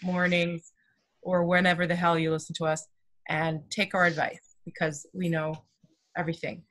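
Bright-voiced woman podcast co-host. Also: fairly low pitch, level tone, normal speed. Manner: playful, teasing, laughs easily. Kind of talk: casual chat.

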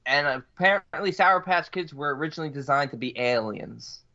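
Bright, quippy podcast co-host man. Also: a little high, expressive, moderate pace, highs cut off. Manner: quippy, jokey. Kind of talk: casual podcast chat.

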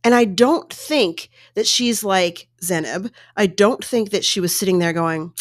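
A woman casually retelling a story in an animated, exasperated way, slipping into quoted voices. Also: medium pitch, a little slow, few pauses, no echo, clean studio sound.

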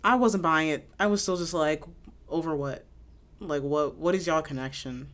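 Brief: young co-host, relaxed and casual, middle pitch, filler-heavy recap talk. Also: normal speed. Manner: laid-back, skeptical, many fillers, laughs often. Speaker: podcast co-host. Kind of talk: casual chat recapping a TV episode.

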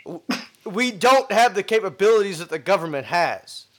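A man's voice: sits high, animated, moderate pace. A man co-hosting a casual podcast, talking bluntly, swearing freely and stumbling over repeated words as he starts sentences. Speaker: podcast co-host.

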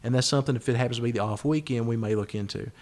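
A man's voice: medium pitch, very fast, darkish tone. A man from the co-hosting a podcast, telling a rambling story with swearing in casual chat. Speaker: podcast co-host.

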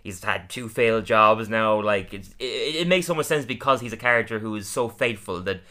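Podcast co-host, male, bright tone, animated recap with frequent laughs. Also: on the low side. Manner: animated, laughs often, acts out lines in quick voices. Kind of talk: casual episode recap.

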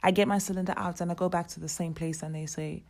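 Lower-pitched woman storyteller. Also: fast. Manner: animated, acts out quoted dialogue, laughs often. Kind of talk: casual personal storytelling.

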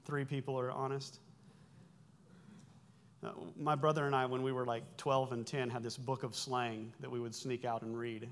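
The speaker is a pastor in his forties whose medium-pitched voice stays fairly flat and moves at a moderate pace. His sermon explains Greek words in an easy, conversational manner, with corrections of himself and wry asides.

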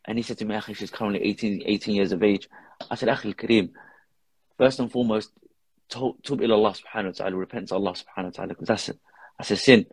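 Here the guest, a father who shares videos with his daughter, rushes through an earnest personal story during a relaxed podcast talk, dropping in Arabic religious phrases. His lowish, husky voice keeps a fairly even intonation, with no echo.

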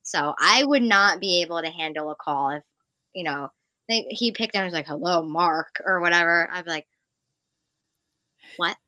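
Excitable rambling woman, bright and dry. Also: lowish voice, a little fast, dry recording. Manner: excitable, rambling, jumps between thoughts. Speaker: podcast co-host. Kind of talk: casual fan chat.

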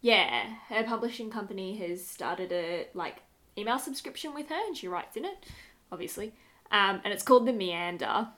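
A woman co-hosts a casual podcast chat, rambling warmly between topics. She fills her talk with ums and likes and slips into laughter. Her pitch sits in an ordinary middle range. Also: animated, normal speed. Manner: chatty, laughing, many fillers. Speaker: podcast co-host.

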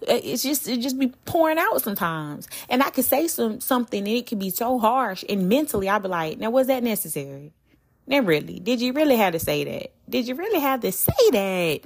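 A young adult woman hosting her own podcast. She talks candidly in slang, curses often and speaks straight to her listeners. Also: mid-range voice. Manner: candid, slangy and animated, with frequent cursing. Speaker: podcast host. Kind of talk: casual solo podcast talk.

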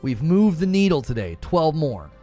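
A man hosts a casual live stream and talks through his thoughts in a loose, rambling way. He breaks off for quick asides and reads comments from chat. His voice sits a little high, with soft music underneath. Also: very animated. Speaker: livestream host.

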